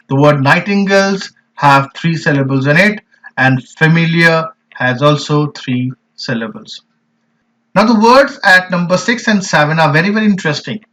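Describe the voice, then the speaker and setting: A man teaching a poetry lesson in an online class, explaining terms slowly and emphatically with repeated examples. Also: a little high, fairly bright tone. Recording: dull lo-fi recording.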